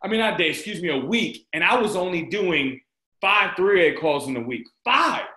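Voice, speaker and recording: A man giving an energetic, repetitive motivational team training talk on a group video call, often calling his listeners "guys". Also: high-pitched, normal speed, echoey room, poor audio.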